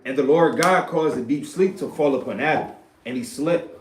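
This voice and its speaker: Man reading scripture aloud, fairly high voice. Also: a little hiss or hum. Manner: slow, halting reading with drawn-out words. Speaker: scripture reader. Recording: echoey room.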